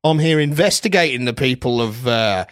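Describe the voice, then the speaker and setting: A man's voice: mid-range voice, animated, normal speed, fairly bright tone, clear, resonant tone, no room sound, clean studio sound, close to an everyday voice. A man voicing a clueless, cheerful Australian investigator in a put-on Australian accent, rambling with hesitant ums. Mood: jovial.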